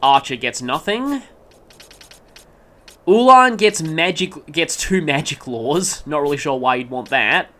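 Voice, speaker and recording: A man's voice: on the high side, expressive, unhurried, bright, forceful tone. A man giving casual gameplay commentary, rambling along with frequent ums and stopping to correct himself mid-sentence. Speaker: let's play commentator.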